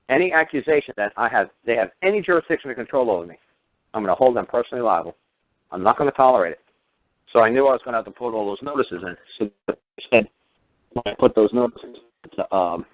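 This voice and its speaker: A man's voice: mid-range voice, no room sound. An older man hosting a talk show, ranting with heavy profanity and emphatic repetition. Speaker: radio talk host. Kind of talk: angry ranting monologue. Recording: dry tinny phone-line audio.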